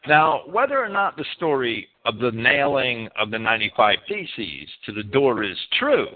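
A man reads a history lesson with a lively voice that swoops high and low on words he stresses. He trips over a word now and then and corrects himself. The sound is thin and tinny, like a phone line. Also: normal speed. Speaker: history series presenter. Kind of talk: read narration of a history lesson.

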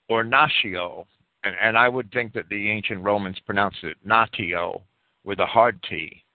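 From his private home, a man hosts a live talk-radio show, earnestly reading out definitions and then expounding on them. His voice is medium-pitched and dry, with no room sound, coming through tinny phone-line audio.

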